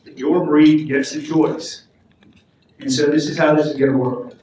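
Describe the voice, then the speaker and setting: A man's voice: a little high, steady tone, moderate pace, mellow, a little hiss or hum, close to an everyday voice. A man voicing Saint Peter in a joke during a speech, friendly and folksy, in an echoey hall. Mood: genial. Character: Saint Peter, genial older male gatekeeper. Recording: echoey hall, mic from far off.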